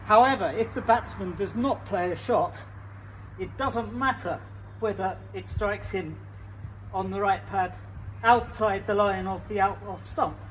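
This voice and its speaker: A man's voice: sits high, a little slow. A man from Italy chatting casually about cricket outdoors on a windy day, rambling and self-deprecating as he demonstrates shots. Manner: chatty, self-deprecating, trailing off mid-sentence. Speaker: cricket vlogger. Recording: distant mic, dull sound, wind and traffic noise.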